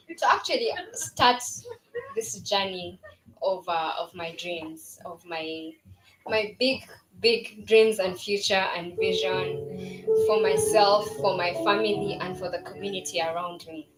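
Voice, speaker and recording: A young woman speaks at her own launch event, earnest and thankful, often pausing on fillers and restarting her sentences. Her voice carries through a roomy venue. Music plays and a crowd murmurs behind her. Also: fairly low pitch. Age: 20s. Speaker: business founder.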